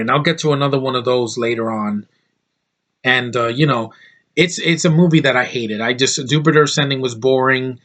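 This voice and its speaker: A man's voice: mid-range voice, a bit bright. A young man giving a blunt, profane movie review, full of restarts and fillers. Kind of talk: casual ranting review.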